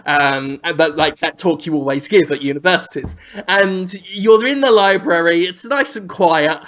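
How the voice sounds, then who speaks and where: A woman co-hosting a podcast, playfully spinning an absurd scenario and acting out sounds and shouts. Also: lowish voice, moderate pace. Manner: teasing, spins an absurd scenario, acts out sounds. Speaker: podcast co-host. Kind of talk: playful comic storytelling. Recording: slightly muffled podcast audio.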